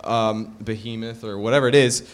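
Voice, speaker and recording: A man co-hosting a casual chat, explaining things in a measured, teacherly way with some restarts. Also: on the low side, fairly even intonation. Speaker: co-host.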